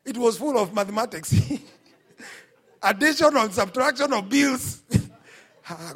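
A Kenyan man preaches a fiery sermon at a church service, dropping to near-whispers and then shouting. His voice sits very high for a man, with a husky, breathy edge and gravelly fry underneath. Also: lively intonation, slow pace, long pauses. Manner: impassioned preaching that swings between hushed asides and shouts. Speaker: pastor.

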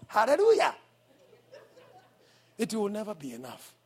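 A Kenyan man preaches a fiery sermon at a church service, dropping to near-whispers and then shouting. His voice sits very high for a man, with a husky, breathy edge and gravelly fry underneath. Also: lively intonation, fairly quick. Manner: impassioned preaching that swings between hushed asides and shouts. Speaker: pastor.

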